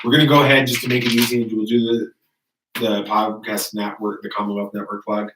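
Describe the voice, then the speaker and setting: A man's voice: fairly low pitch, level tone, brisk. A man hosting a podcast, teasing his co-hosts and hurrying them to start recording. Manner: teasing, bossy, hurrying the others along. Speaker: podcast host. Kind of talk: casual chat before a podcast recording. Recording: echoey room, mic far off, faint noise.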